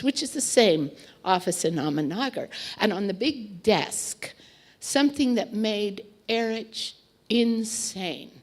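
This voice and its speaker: A woman telling a memory in a casual, chatty way, with fillers and restarts, acting out quoted lines. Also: medium pitch. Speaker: storyteller recalling memories. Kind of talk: casual anecdotal storytelling.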